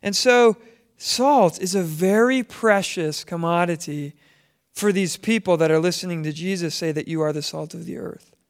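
A man's voice: sits high, normal speed. A man teaching a Bible lesson as a conversational sermon, asking his listeners questions as he goes. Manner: conversational, asks the audience questions. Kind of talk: sermon to a congregation.

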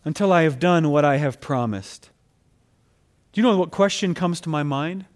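A man's voice: high-pitched, moderate pace, darkish tone. A man preaching a sermon, reading scripture aloud and pressing his points with rising emphasis, calling his listeners friends.

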